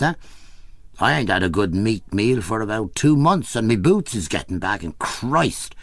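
A man's voice: fairly low pitch, fairly bright tone, no echo, clean studio sound, exaggerated voice. A man voicing a self-pitying, down-and-out Irish male tramp, whimpering and gloomy, with an Irish accent.

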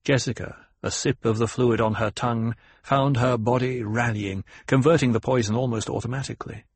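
A male narrator with a husky, grainy voice in a mid register, reading a story in a measured, even way. The recording is dry and close, with no room sound behind him. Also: medium pitch, no echo. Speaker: audiobook narrator. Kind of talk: scripted narration.

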